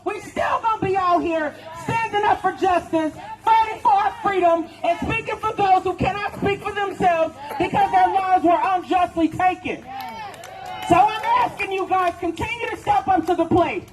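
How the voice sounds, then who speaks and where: High-voiced woman shouting at a rally. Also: moderate pace, rough recording. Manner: defiant, shouted demands. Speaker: protest speaker. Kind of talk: impassioned rally speech. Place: outdoor protest rally. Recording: outdoor rally with loud crowd and music.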